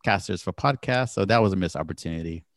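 A man's voice: sits low, fast, dry recording, clean studio sound. A man co-hosting a podcast in casual chat, talking enthusiastically and laughing often. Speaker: podcast co-host.

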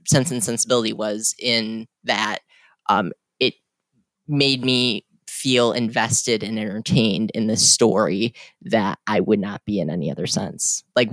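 A man's voice: fairly low pitch, fairly bright tone, no room sound. A man co-hosting a casual film discussion, chatty and opinionated, with frequent fillers and restarts. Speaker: podcast co-host.

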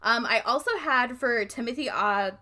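A young woman co-hosting a podcast, talking in a relaxed, blunt, conversational way. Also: on the high side, normal speed. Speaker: podcast co-host. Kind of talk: casual chat.

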